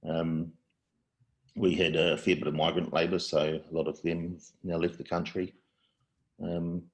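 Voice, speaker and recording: Very deep-voiced, hesitant male guest. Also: flat delivery, measured pace. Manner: hesitant, lots of ums and restarts. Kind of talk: casual conversational interview.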